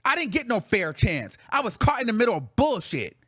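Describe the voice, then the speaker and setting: A man's voice: extremely high pitch, big pitch swings, brisk, a bit bright, slightly rough. A male show host in a heated, profane reaction rant, venting with repeated phrases.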